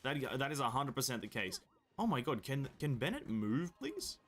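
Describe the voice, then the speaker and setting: A man with an Australian accent chats loosely while he plays, wandering between thoughts and restarting his sentences. His voice sits at an ordinary middle pitch, close to a desk microphone, with the occasional casual swear. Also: sing-song, normal speed, fairly bright tone. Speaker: game streamer. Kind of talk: casual chat while gaming.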